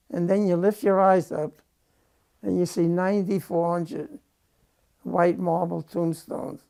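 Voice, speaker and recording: Gravelly older man recalling war. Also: high-pitched, steady tone, darkish tone. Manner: halting, emotional, repeats phrases. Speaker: war veteran giving testimony. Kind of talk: personal war testimony.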